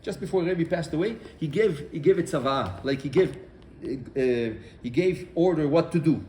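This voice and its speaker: Rabbi w telling a gemara story, slightly high voice, echoey room w faint background noise. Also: male voice, moderate pace. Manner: animated storyteller acting out dialogue, many restarts. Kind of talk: Torah class storytelling.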